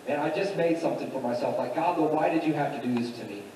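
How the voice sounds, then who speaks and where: A man's voice: on the high side, quick pace, a little mellow, slight background noise, natural voice. A man voicing the young Joseph as a weary, hopeful prisoner in a conversational, pleading way, recorded from a distance in an echoey church hall. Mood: lamenting.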